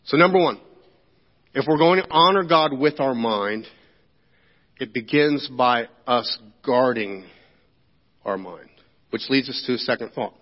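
A pastor with a medium-pitched voice speaks a little slowly and pauses often as he preaches. He addresses the congregation conversationally, checking in with them throughout. Recorded in a church sanctuary, the audio carries hall echo and a dull lo-fi quality.

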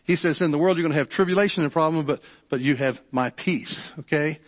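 Brief: middle-aged male pastor, fairly high voice, casual stop-start delivery, church hall reverb. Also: fast. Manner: conversational, repeats words, checks in with the congregation. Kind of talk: sermon. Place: church sanctuary.

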